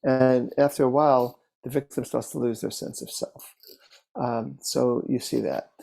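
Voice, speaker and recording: A man working as a therapist, telling case stories in a relaxed, conversational way, with fillers and restarts. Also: mid-range voice, measured pace, gravelly. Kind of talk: casual teaching talk with case stories.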